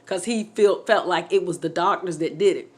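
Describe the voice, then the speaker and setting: A woman telling her own near-death story to her viewers in an animated, excitable way, speaking straight to them with faith and feeling. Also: fairly low pitch, moderate pace. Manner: testimonial, faith-filled. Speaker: channel host telling a personal story. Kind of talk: emotional personal storytelling.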